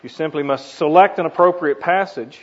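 A man delivering a teaching sermon in an earnest voice that sits a little high for a man. He stresses single words with sudden emphasis. The recording sounds dull and lo-fi. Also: fairly quick. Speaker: preacher. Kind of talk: teaching sermon on Bible meditation.

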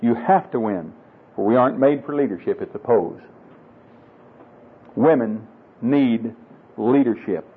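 A man's voice: mid-range voice, animated, a little fast, husky. An older man preaching a sermon to married men, folksy and humorous, coaxing his listeners along. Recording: tinny lo-fi phone-like sound.

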